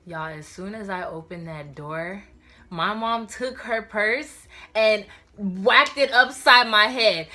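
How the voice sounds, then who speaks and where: Animated young woman telling a storytime vlog. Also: medium pitch, takes it slowly. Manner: animated, slangy, addresses viewers as y'all. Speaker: vlogger.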